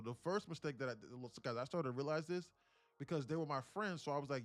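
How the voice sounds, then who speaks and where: A young man hosting a live day-trading stream, talking casually and telling stories in animated, profane slang. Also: on the high side, fast, no echo, faint music behind. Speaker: day-trading livestream host.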